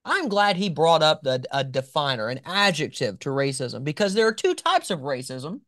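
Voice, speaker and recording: Sarcasm and mocking asides drive this man's political commentary, delivered with animated emphasis and a pitch that swings widely as he argues. He keeps a moderate pace, and the recording is dry and close with no echo.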